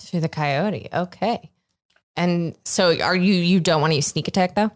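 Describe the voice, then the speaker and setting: A woman with a fairly low voice runs a tabletop game as game master. Her narration is relaxed and halting, filled with lots of fillers.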